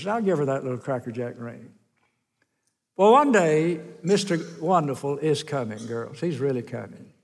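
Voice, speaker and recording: Preacher in an echoing church. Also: male voice, lively intonation, normal speed. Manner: folksy storytelling with wide swings in pitch and loudness. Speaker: pastor. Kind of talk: sermon. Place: church sanctuary. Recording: long church hall reverb.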